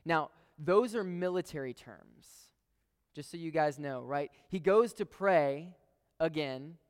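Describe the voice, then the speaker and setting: A man's voice: a little high, slow, clean tone, in a large hall. A man preaching a sermon in a casual, emphatic way, talking straight to his listeners and repeating phrases for stress.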